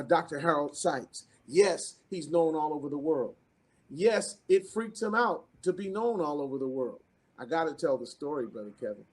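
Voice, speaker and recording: A man hosting an online business event, introducing the next speaker in a rhythmic, preacher-like style with repeated calls to the audience. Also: medium pitch. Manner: preacherly, rhythmic repetition, rising to excited calls. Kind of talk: energetic motivational introduction.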